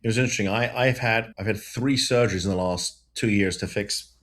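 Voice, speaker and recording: A man's voice: on the low side, fairly quick, a bit bright. A man hosting a podcast interview, a lawyer by trade, who talks conversationally and asks probing questions.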